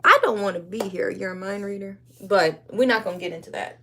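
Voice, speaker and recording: A woman's voice: medium pitch, fairly quick, gravelly, a bit bright, slight background noise. A young woman from Wisconsin chatting casually on a livestream while she crafts, rambling in slang.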